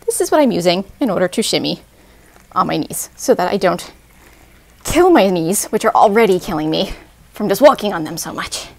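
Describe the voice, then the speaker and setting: A woman's voice: fairly low pitch, animated, moderate pace, gravelly, a little mellow. A woman narrating a home video in her hallway, out of breath and strained, encouraging herself along. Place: hallway at home, hardwood floor. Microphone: handheld camera.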